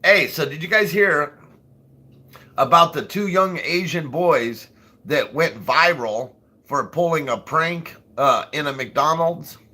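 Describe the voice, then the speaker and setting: Husky, rambling man on a livestream. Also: on the high side, expressive, takes it slowly, bright, forceful tone. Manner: rambling, profane, laughs often. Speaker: livestream host. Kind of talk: casual livestream chat.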